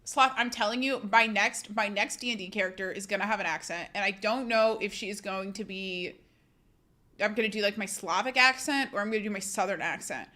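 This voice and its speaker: A woman's voice: mid-range voice, fairly quick, pushed and bright. A young woman streamer chatting casually with viewers, rambling and self-mocking with frequent laughter.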